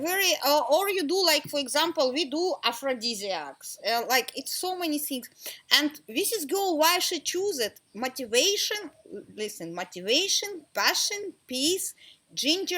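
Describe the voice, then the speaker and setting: A woman teaching a small group about essential oils in an informal talk, laughing often and speaking lively, simple broken English. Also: high-pitched.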